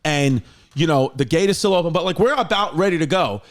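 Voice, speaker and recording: A man hosting a comedy podcast, telling excitable stories and doing hyped ad reads. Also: fairly high pitch, a little fast. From Staten Island, New York. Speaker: podcast host. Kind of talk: casual podcast chat and read ad.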